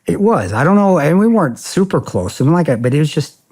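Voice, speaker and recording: A man in his forties, a podcast guest, telling a story in a casual interview in a blunt, profane, animated way with lots of quoted dialogue. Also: on the high side, a little fast. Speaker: podcast guest, former security contractor.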